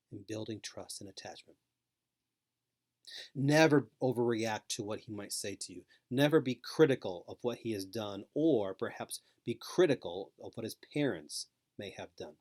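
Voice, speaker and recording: Low-voiced man giving a calm training lecture. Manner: slow, repetitive, soothing emphasis.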